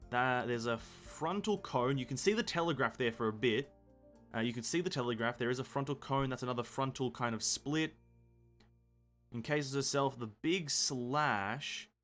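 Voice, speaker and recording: A man with a mid-range, fairly bright voice streams a video game and chats casually throughout. He rambles with self-deprecating asides, swears a lot, and trips over the game text he reads out loud.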